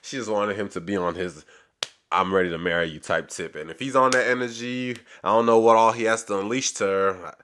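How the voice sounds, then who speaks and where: Deep-voiced man rambling through a recap. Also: a little fast, few pauses, fairly bright tone, a little hiss or hum. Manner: rambling, many fillers like "basically" and "or whatever". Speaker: reality show recapper. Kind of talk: casual recap commentary.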